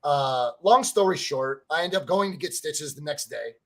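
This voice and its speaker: Rambling podcast co-host, man with a high, bright voice, stumbles over words, cusses a lot. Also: animated, normal speed. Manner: rambling, stammers and repeats words, swears freely. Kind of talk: casual sports fan chat.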